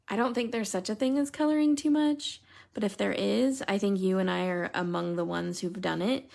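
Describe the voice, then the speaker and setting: A woman's voice: mid-range voice, moderate pace, vocal fry, pauses often, darkish tone. A woman hosting a live stream, telling funny stories and chatting casually with viewers by name while she colors. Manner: chatty, giggly storyteller, replying to viewers by name.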